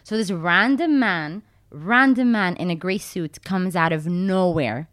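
A young woman casually telling a long personal story, acting out her own remarks in a much higher voice. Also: unhurried, dry recording, studio quality. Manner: animated, acts out her own lines in a high voice.

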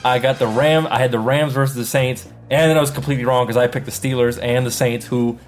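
A man's voice: mid-range voice, steady tone, fast talker. A man co-hosts a loose sports podcast with a mid-range voice. He runs through results with showman hype, calling out "ding" for every correct pick. Faint music plays behind him. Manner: hypes announcements, sings out "ding" on picks. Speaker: podcast co-host. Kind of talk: casual sports podcast chat.

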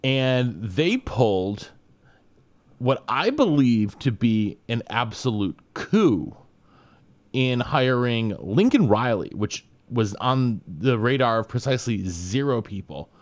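A man hosts a college football podcast in an easy, upbeat chat. He sits close to a dry microphone with no room around his voice. His pitch sits in the middle range. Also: big pitch swings, no echo. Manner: upbeat, reads sponsor spots in a brisk promo delivery. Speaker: podcast host. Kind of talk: casual sports podcast chat.

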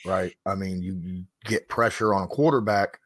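A man's voice: deep voice, moderate pace, a bit bright, no room sound, clean studio sound. A man hosting a casual sports talk show, leading the conversation and citing game stats. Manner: leads the talk, cites stats. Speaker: host.

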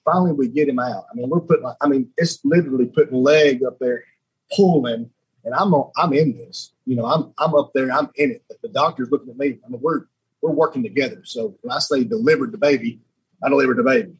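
Husky man telling a heartfelt story. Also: poor audio. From Alabama. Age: 30s. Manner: halting, repeats words, voice drops low and quiet when moved. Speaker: guest. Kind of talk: emotional storytelling.

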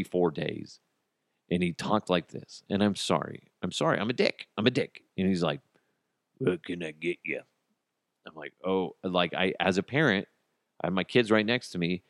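A low-voiced man in his thirties hosts a solo comedy podcast, close to a dry mic. He rants in an animated, self-mocking way, jumping into quick impressions and back. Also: no room sound. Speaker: podcast host.

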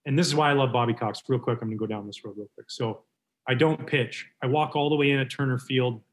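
A man in his forties from Canada, a former pitcher telling a story in casual conversation with an animated, lively delivery. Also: quick pace. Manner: animated, lively retelling with voiced quotes.

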